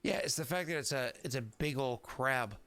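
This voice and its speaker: A young man with an expressive, slightly bright mid-range voice runs a tabletop game as game master over stream, talking at normal speed with soft music behind him. He's chatty and jokey, laughing at his own bits.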